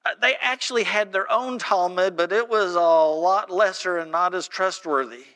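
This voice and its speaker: A man preaching a sermon in a church, telling stories and reading scripture aloud with animated delivery. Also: sits high, normal speed, smooth. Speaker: pastor. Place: church sanctuary.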